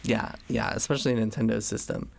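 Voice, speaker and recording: A man's voice: on the low side, steady tone, brisk, gravelly. A man co-hosting a podcast, chatting casually and ranting wryly about complaints. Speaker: podcast co-host. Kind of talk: casual chat.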